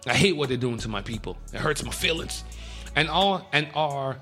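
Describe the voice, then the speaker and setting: A man hosting a radio show, reading the news in a casual, excitable way with jokey asides. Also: a little high, moderate pace, soft background music.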